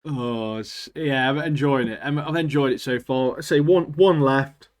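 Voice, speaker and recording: A man's voice: medium pitch, normal speed. A man co-hosting a podcast, chatting casually, ranting animatedly and laughing often. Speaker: podcast co-host. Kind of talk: casual chat.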